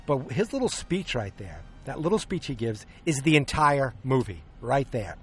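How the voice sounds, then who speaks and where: A man's voice: medium pitch, big pitch swings, normal speed. A man hosting a podcast, casually recapping a film in a rambling, hesitant way, full of ums and restarts, and acting out the quoted lines. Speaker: podcast host.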